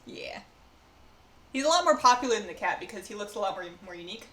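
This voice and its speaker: Her medium-pitched voice is sing-song, moving at a moderate pace with frequent pauses. She's a streamer baking at home and chatting casually from one aside to the next, recorded with roomy echo and faint background noise.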